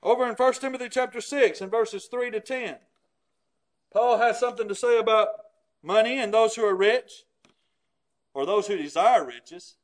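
A man's voice: high voice, normal speed. A man preaching a sermon, teaching scripture in an emphatic, explanatory way with everyday examples.

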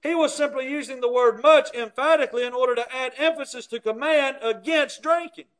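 Preacher, male, very high voice, emphatic teaching sermon delivery. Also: fairly quick, a bit bright. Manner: emphatic, explains scripture with everyday examples.

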